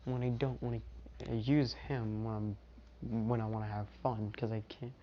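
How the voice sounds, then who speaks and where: A man's voice: on the low side, little pitch movement, moderate pace, slight background noise, lightly acted. A man voicing a confident, protective young male hero who talks in a brash, teasing way, on a dull lo-fi recording.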